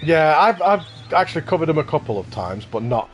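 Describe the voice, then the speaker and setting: A man's voice: a little high, big pitch swings, fairly quick, soft background music. Enthusiastic man hosting a live park tour. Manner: enthusiastic, effusive praise. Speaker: livestream host touring contest parks. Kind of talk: casual live commentary.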